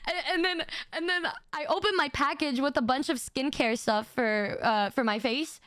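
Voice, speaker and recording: A young woman with a high voice tells a funny story to her stream in casual chat. She is animated and laughs often, stammering and restarting as she goes. The recording is close and dry. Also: dry recording. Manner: acts out friends' lines in quick high bursts. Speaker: VTuber streamer.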